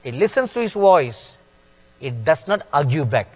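A man preaching a sermon in a slow, deliberate way, stressing words with sudden loud peaks. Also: fairly high pitch, very animated, slightly rough. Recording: long hall reverb.

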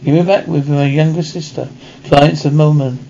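A man reading a television episode script aloud and voicing every part himself in a flat read-through, on a dull, slightly lo-fi recording with faint hiss. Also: a little high, moderate pace, creaky. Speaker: radio reader.

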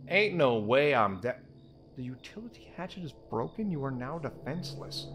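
A man's voice: mid-range voice, big pitch swings, moderate pace, slight background noise. A young man giving jokey, jumpy commentary while playing a horror game, swearing and talking to himself. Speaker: let's play host. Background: game music.

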